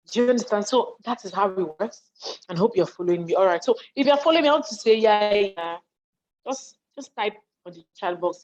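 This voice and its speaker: Nigerian woman on a video call from her study, chatty and animated, hungry and yawning, muffled lo-fi sound. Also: mid-range voice, brisk. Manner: lively and conversational, acts out what people say, asks listeners if they follow. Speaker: speaker on leadership and volunteering. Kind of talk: live online talk to an audience in a chat. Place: home study. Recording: dull lo-fi call audio.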